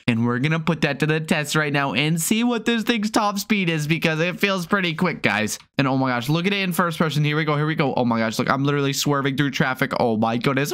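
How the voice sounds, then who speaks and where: Young man, gaming commentary, lively swooping pitch, frequent excited outbursts. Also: clear, resonant tone. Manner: hyper, exclaims often, cries out in surprise. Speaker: gaming YouTuber.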